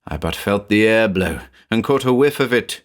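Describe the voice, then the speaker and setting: A man voicing a frightened young village man who speaks slowly in a trembling, fearful voice. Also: on the low side, expressive, lightly acted.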